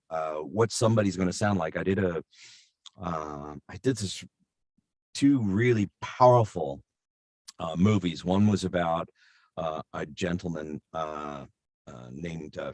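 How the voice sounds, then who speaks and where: Very deep-voiced man telling rambling stories. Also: a little slow, dry recording, studio quality. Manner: rambling, many fillers and restarts. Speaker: voice actor guest. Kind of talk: casual interview storytelling.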